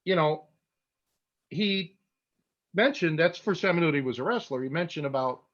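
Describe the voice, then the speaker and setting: A fairly high-voiced man spins a casual story on a podcast, as a wrestling coach talking to his students. He talks in bursts, trips over his own restarts and drops blunt asides. The audio is dull and lo-fi. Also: animated, moderate pace, fairly bright tone.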